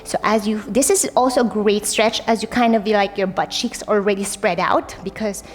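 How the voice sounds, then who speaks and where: A woman's voice: mid-range voice, steady tone, normal speed, slight background noise. A young woman teaching a yoga class in a casual, upbeat way, often adding "like" and "right?". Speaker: yoga instructor. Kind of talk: guided yoga class instruction. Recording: long reverb, faint music.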